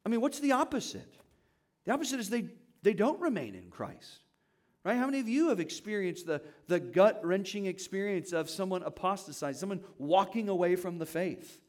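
High-voiced man preaching a sermon. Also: big pitch swings, brisk. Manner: conversational, asks the congregation questions. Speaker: pastor. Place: church.

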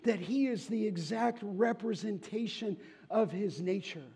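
A man preaching a sermon, telling a story slowly and rising in volume for its dramatic moments. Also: creaky, husky. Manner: tells a story slowly, rising loud and high for shouted voices. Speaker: pastor.

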